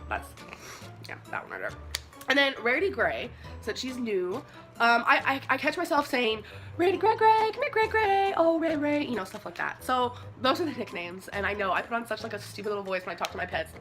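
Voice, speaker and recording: A woman's voice: on the high side, expressive, quick pace. A young woman vlogger chatting casually to camera, gushing and rambling about her pets with lots of fillers. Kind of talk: casual pet tag chat to camera. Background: background music.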